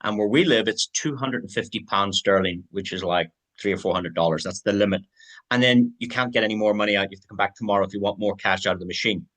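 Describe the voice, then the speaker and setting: A man with a fairly low voice presents to an online audience. He sounds upbeat and persuasive, addresses his viewers directly and chuckles through his own anecdotes. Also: fast talker, a bit bright.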